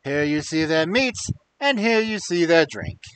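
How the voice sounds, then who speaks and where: A simple, easygoing young lad from a folk tale, talking plainly and matter-of-factly, as a man reads his lines. The voice is a touch high with lively rises and falls. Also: unhurried, smooth.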